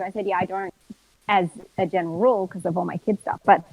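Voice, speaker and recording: A woman's voice: mid-range voice, quick pace, no room sound, rough recording. An Australian woman, a voice actor, chatting as a guest and telling anecdotes, acting out other people's lines with laughter. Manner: lively storyteller, acts out quotes, laughs often. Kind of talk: casual live-stream interview.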